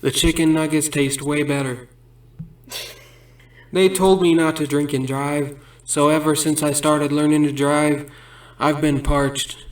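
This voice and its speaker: Picked up by a distant mic in a roomy space, a comedian with a slightly high voice tells a string of absurd stand-up jokes in a rambling way. His delivery is flat and measured, and he laughs at his own punchlines between bits.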